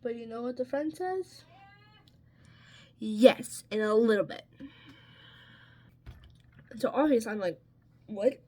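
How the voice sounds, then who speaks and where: Slow-talking woman telling a storytime. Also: on the high side, darkish tone. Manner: chatty, peppered with "like" and "um". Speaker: vlogger. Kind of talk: casual storytime while getting ready.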